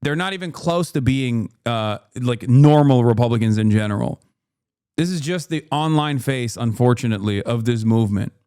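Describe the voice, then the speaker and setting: A man's voice: medium pitch, normal speed, warm tone, clear, resonant tone. A man streaming casual reaction commentary on a debate clip, blunt, slangy and incredulous.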